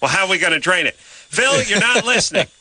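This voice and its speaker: An impatient inventor put on by a man snaps in a sudden high, bright voice. He argues shrilly and keeps insisting he is right. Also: animated, fairly quick, no echo, full character voice. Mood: exasperated. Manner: shrill, impatient, mock-arguing. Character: exasperated male inventor insisting on his design.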